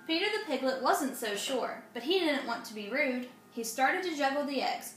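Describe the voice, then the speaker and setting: A woman reading a children's picture book aloud, expressive, with asides to young listeners. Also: fairly high pitch, moderate pace, echoey room, a little hiss or hum. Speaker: storybook reader.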